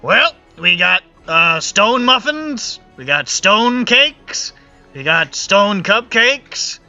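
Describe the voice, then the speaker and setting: A man voicing a male baker who sells pastries made of stone, drawling his lines slowly like a plain shopkeeper. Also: sits high, sing-song, bright, forceful tone, dull audio, soft background music, heavily acted.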